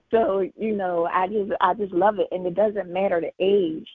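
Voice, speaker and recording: A woman's voice: medium pitch, lively intonation, slow, slightly rough, dry recording. A woman in her forties, a featured guest giving a faith testimony on a call-in show, telling her story with animation and acting out conversations. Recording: tinny phone line.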